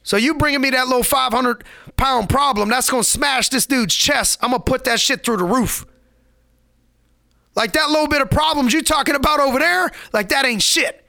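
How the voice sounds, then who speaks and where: A man's voice: very high-pitched, moderate pace, gravelly, bright, forceful tone, no echo, clean studio sound. A man giving a motivational podcast monologue, preachy and emphatic, repeating lines for effect in casual street slang.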